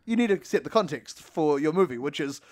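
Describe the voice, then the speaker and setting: A New man in his thirties with a fairly high voice, chatting casually as a podcast co-host. He tells stories playfully and laughs often. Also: animated, a little fast. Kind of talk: casual chat.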